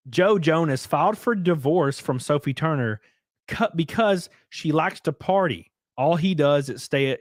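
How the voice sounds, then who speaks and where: A man's voice: fairly high pitch, dry recording, studio quality. A man hosting a casual livestream, crude, joking and rambling. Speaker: livestream host.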